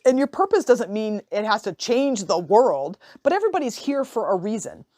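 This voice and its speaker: A woman hosting a podcast, telling a personal story in a lively, expressive, conversational way, with sudden excited rises in her voice. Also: fairly high pitch, normal speed, no room sound. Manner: conversational with fillers and restarts. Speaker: podcast host and life coach.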